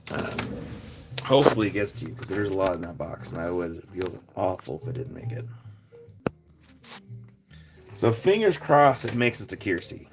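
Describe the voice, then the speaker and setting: A man's voice: low-pitched, big pitch swings, fairly quick, vocal fry, over music. A man hosting a live rock sale stream, chatting casually and rambling, laughing often as he packs boxes and calls out numbers.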